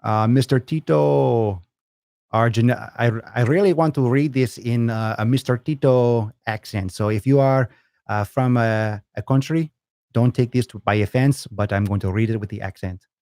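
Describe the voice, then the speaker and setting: A man's voice: medium pitch, normal speed, gravelly, darkish tone, dry recording, studio quality. A man hosting a fitness podcast, answering listener questions in a blunt, profane, rambling way. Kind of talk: casual listener Q&A.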